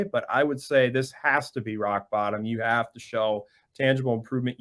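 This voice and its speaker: Chatty man breaking down sports. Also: mid-range voice. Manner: quick, chatty analysis with many "like"s. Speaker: guest sports writer. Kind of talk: sports analysis chat.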